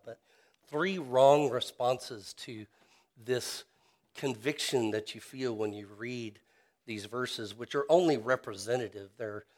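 A man preaching a sermon as a pastor, talking in an earnest, conversational way and often restarting and repeating his words. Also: on the low side.

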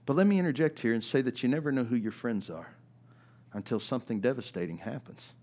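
Animated man preaching a sermon. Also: fast. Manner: animated, swinging between loud emphatic peaks and quiet, low passages; conversational, with frequent "right?" and "man". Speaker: pastor.

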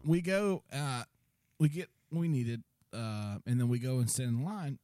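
A young man telling a story in casual chat, profane and animated, mimicking the voices of the people in it. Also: mid-range voice, normal speed, no room sound, studio quality.

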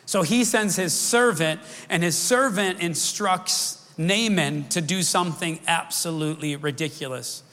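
A man's voice: fairly high pitch, unhurried, few pauses, a bit bright. Conversational middle-aged male pastor, reverberant hall. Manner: conversational, digressive, restarts his sentences. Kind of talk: sermon. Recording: long reverb of a large hall.

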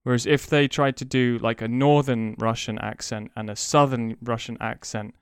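A man co-hosting a podcast in casual chat, talking slowly and deliberately with many pauses and ums as he explains. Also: mid-range voice, steady tone, clean tone, no room sound, clean studio sound. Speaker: podcast co-host.

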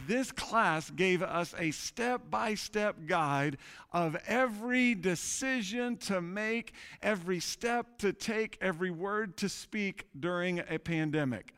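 A man with a high, smooth voice preaches a sermon to his congregation. He drives his points home through repetition and asks the room to say the lines back with him. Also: a bit bright. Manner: emphatic repetition, call-and-response with congregation. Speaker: pastor.

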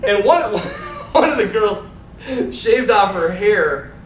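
Man, Catholic priest, informal talk, lively pitch, laughing storyteller, distant mic, faint background noise. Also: slow pace. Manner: animated storytelling, laughing often. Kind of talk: informal talk to a men's group. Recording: echoey room, mic far off, faint noise.

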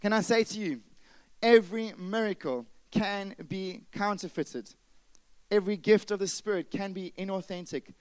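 A man preaching a sermon with passion, dropping to a hush and then rising loud again. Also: high-pitched, normal speed, clean tone, dry recording, rough recording. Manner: impassioned preaching, swings from loud to hushed. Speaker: pastor.

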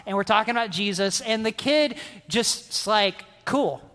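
A man's voice: high-pitched, moderate pace, pushed and bright. Chatty man preaching in a hall. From North Carolina, American South. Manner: conversational, keeps asking "right?", acts out quotes. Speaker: guest speaker. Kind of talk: youth sermon. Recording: long hall reverb.

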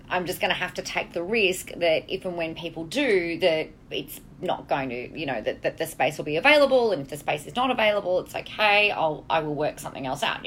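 A candid Australian woman talks through a casual solo podcast episode from a hotel, blunt and unfiltered, swearing freely. Her voice sits a little lower than most women's, with a faint hum of room ambience behind her. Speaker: podcast host, marketing coach.

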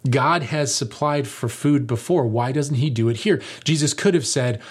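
Man, pastor, sermon, animated, jokey, acts out quotes, mid-pitched voice. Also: normal speed, slightly rough.

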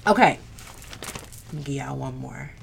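A livestream host with a rumbling low, gravelly voice speaks animatedly at normal speed, with slight background noise. On her casual stream she is frank and earthy, swears, and addresses viewers head-on.

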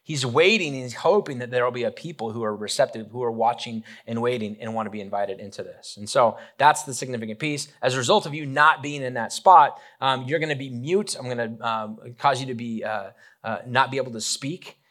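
A pastor with a mid-range voice speaks fairly quickly in a relaxed, conversational sermon. He jokes with the congregation, and his talk is full of fillers and restarts.

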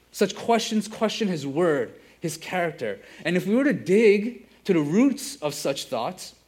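An earnest man preaches a sermon to his congregation, his voice sitting a little high for a man. He stresses key phrases by repeating them. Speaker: pastor.

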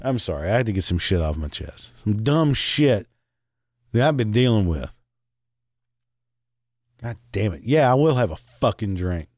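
A man's voice: on the low side, very animated, normal speed, pauses often, a little mellow, no room sound. Foul-mouthed man ranting into a dry mic. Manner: angry, swearing, rambling with laughs. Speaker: podcast host. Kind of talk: profane rant.

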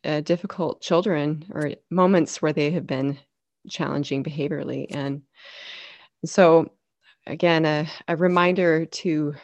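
Woman, interviewer, reflective, deep pitch, dry recording. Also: fairly even intonation, a little slow, darkish tone, no echo. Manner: compassionate, reflective questioning. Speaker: podcast host.

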